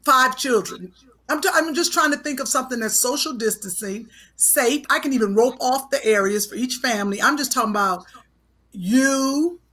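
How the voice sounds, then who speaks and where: A woman's voice: sits high, moderate pace, bright, forceful tone, husky. A middle-aged woman co-hosting a comedy podcast, teasing her partner and rambling through plans in casual chat. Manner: teasing, talkative, rambling planning. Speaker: podcast co-host.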